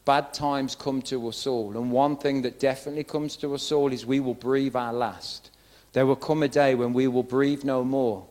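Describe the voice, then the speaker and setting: A man's voice: mid-range voice, steady tone, moderate pace, darkish tone. Young guy preaching in church, earnest, cracks little jokes. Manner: earnest, direct, with humorous asides. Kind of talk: sermon.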